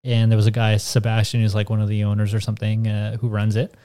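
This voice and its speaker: A man's voice: fairly low pitch, completely flat delivery, fast, mellow. A man from North America co-hosting a casual podcast chat, telling stories in a rambling way with lots of fillers. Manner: rambling, filler-heavy storytelling. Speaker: podcast co-host.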